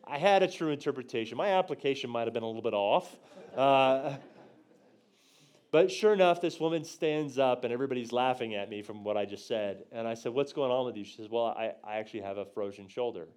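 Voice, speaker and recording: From the pulpit, a man delivers a storytelling sermon to a church group studying prophecy, speaking briskly and animatedly. He acts out his own quotes with big jumps in pitch and volume, going quiet for tender moments and loud for punchlines.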